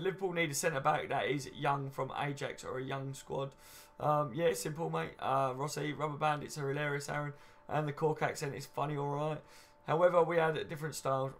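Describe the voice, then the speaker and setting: A man's voice: a little high, fairly bright tone. A man in his thirties hosting a casual live stream, chatting loosely and answering viewer comments with lots of ums and "you know what I mean".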